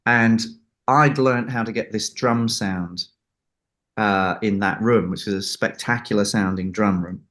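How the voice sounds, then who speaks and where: A man's voice: lowish voice, a little slow, a bit bright. A man, a record producer, telling a story in an interview and acting out the people he quotes. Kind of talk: anecdote in an interview.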